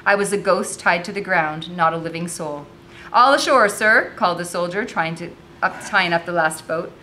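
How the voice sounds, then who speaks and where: A woman's voice: on the low side, steady tone, normal speed, sharp tone, slight background noise. A woman teacher reading a novel aloud with commentary, raising her voice expressively for the dialogue.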